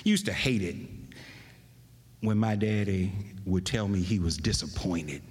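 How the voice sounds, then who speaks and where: A man preaching a sermon, swinging between loud emphasis and hushed, near-whispered lines. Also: low-pitched, a little slow. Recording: long reverb of a large hall.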